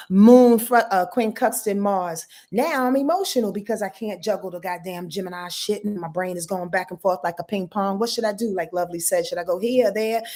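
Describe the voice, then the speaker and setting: A woman's voice: mid-range voice, mellow. Profane, emphatic woman astrologer. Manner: profane, emphatic, talks straight to her viewers; reads out and answers viewer comments. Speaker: astrologer and channel host. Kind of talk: casual live astrology rundown.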